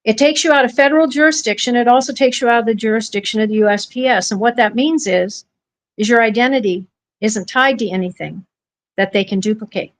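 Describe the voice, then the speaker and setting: A woman's voice: fairly high pitch, brisk. A woman hosting a podcast, telling long, rambling stories and correcting herself mid-sentence. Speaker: podcast host. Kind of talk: casual podcast talk.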